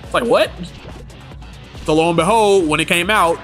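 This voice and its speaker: A man's voice: sits high, normal speed, a bit bright, faint music behind. Laid-back slangy male streamer. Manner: laid-back slangy talk, laughs often. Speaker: streamer reading chat. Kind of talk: casual live-stream chat.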